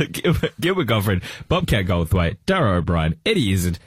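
A man co-hosting breakfast radio, animated and laughing often. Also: lowish voice, moderate pace, breathy edge, no room sound, clean studio sound. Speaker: radio co-host.

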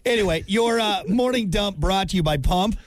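Man, morning radio co-host, joking banter, slightly high pitch, dry studio mic. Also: moderate pace, no echo. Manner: joking, playful, reads news items and ads. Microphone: studio microphone.

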